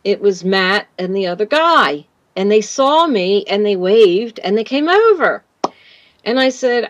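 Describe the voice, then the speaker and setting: A woman's voice: mid-range voice, expressive, a little slow, no room sound, poor audio. Rambling woman telling a story. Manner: rambling, repeats words, says "you know" and "like". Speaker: guest. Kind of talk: telling a personal story on a radio show.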